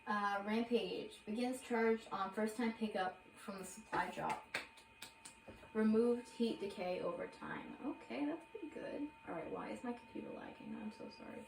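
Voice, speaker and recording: A woman's voice: on the high side, normal speed, gravelly, roomy sound, background noise. A young woman casually reading through game patch notes aloud, rambling with lots of fillers and correcting herself. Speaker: gaming video creator.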